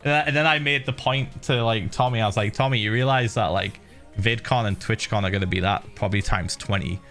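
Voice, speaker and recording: A middle-aged man streaming, casually telling viewers a story with lively laughs and the odd swear. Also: fairly low pitch, brisk, soft background music.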